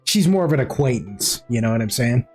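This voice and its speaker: A man's voice: medium pitch, lively intonation, a little fast, darkish tone, husky, soft background music. A man narrating a tabletop role-playing game as game master in a casual, chatty manner.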